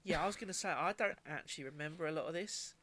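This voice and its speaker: A man's voice: a little high, fast talker, pushed and bright. A young man co-hosting a casual podcast chat, talking hesitantly with many fillers. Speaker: podcast co-host.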